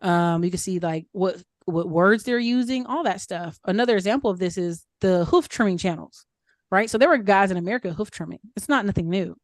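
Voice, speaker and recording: Woman, chatty coaching talk, mid-range pitch, dry close sound, lots of fillers. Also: fairly quick, no room sound. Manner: upbeat advice-giving, repeats points for emphasis. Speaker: mastermind group speaker. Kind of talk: casual Q&A coaching on an online call.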